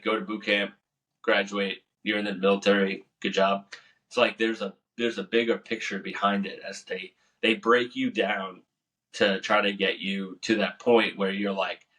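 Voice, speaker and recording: Laid-back young man, bright voice. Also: on the low side. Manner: laid-back, profane, laughs often. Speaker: Navy veteran guest. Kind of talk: casual storytelling. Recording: voice a bit far from the mic.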